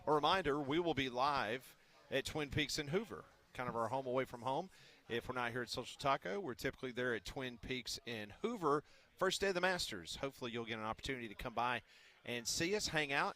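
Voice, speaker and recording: A man with a bright, forceful voice hosts a live sports talk radio show. He reads listener questions in a brisk, practiced announcer delivery. He speaks at a steady middle pitch. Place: live broadcast from a restaurant.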